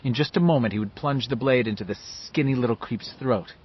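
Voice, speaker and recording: Husky-voiced male audiobook narrator. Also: mid-range voice, fairly quick, highs cut off. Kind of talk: scripted narration.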